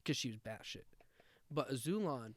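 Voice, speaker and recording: A man's voice: medium pitch, expressive, moderate pace, no room sound. A man co-hosting a casual chat, blunt and joking, with swearing. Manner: blunt, joking banter with profanity. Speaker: podcast co-host.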